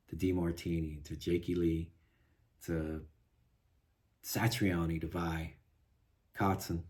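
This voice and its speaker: Frustrated man venting, mellow low voice. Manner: frustrated, rambling, many restarts and "you know". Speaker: guitar vlogger. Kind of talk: casual venting monologue.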